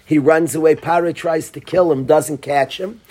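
A man's voice: a little high, fairly even intonation, moderate pace, a little mellow. A man teaching a Torah class, telling a story and quizzing his students by name.

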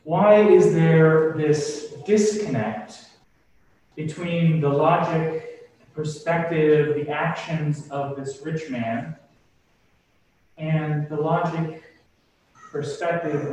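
A man preaching a sermon in a slow, deliberate, emphatic way. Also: a little high, a little mellow, slight background noise. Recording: echoey room from far off.

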